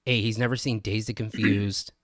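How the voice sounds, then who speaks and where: Excitable dude-saying man, dry mic. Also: on the low side, normal speed, dry recording. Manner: excitable, says "dude" constantly, acts out quotes. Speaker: podcast co-host. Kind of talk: casual chat.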